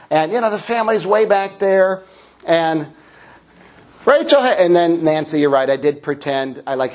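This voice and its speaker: Animated storytelling preacher, a man. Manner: lively storytelling with self-mocking humor; animated, swings into high character voices. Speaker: pastor. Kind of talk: sermon.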